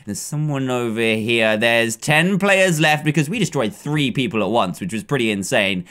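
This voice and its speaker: A young English man in his twenties giving excitable, playful gameplay commentary, chatting and often breaking into yelling. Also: mid-range voice, moderate pace. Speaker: gaming YouTuber.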